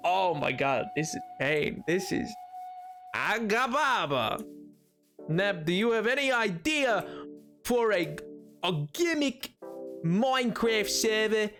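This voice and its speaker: Young male streamer, high lively voice, jokey banter, game music playing behind him. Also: slow pace, long pauses. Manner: excitable, jokey, swings from mumbling to shouting. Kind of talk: casual live-stream chatter while gaming.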